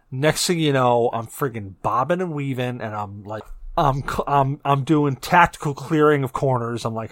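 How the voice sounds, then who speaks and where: Middle-aged man, podcast co-host, animated profane storytelling, dry close sound. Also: mid-range voice, normal speed, dry recording. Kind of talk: casual chat.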